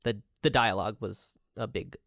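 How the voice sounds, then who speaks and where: A woman's voice: rumbling low, moderate pace, vocal fry, a bit bright, no room sound, clean studio sound. A woman co-hosting a podcast in casual chat, laid-back and drawling with lots of filler words. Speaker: podcast co-host.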